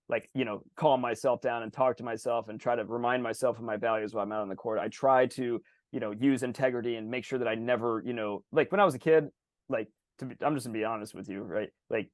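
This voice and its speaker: Brief: male podcast co-host, rapid-fire, loose and profane, acts out voices, dry close mic. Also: medium pitch, dry recording. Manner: animated, swears freely, acts out players' voices. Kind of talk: casual podcast chat.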